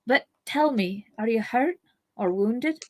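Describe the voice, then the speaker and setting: A woman's voice: a little high, expressive, slow pace, a little mellow, pitched above the performer's own voice. A woman voicing a caring young male hobbit, urgent and coaxing as she reads aloud. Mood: worried.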